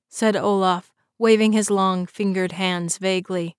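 In an even storytelling manner, a woman delivers scripted narration of a story. Her voice is medium-pitched and moderately paced, recorded dry at studio quality.

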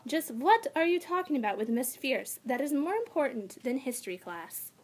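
A woman's voice: high-pitched, very animated, moderate pace. A woman voicing a stern history teacher scolding her class.

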